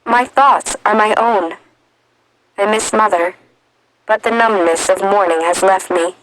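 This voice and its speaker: Woman reading a first person audiobook, calm and reflective, mid voice. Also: mid-range voice, rough recording. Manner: measured and reflective. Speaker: audiobook narrator.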